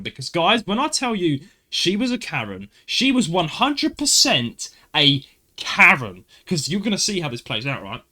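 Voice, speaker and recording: Animated, bright-voiced man. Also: on the high side, brisk. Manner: animated, acts out dialogue, frequent "I was like" asides. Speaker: podcast co-host. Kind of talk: casual storytelling.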